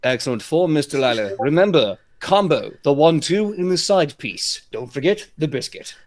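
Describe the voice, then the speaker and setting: A man voicing a stern, formal male butler who speaks with stiff, overly polite manners in a soft, lowered voice. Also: lively intonation, normal speed, lightly acted. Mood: approving.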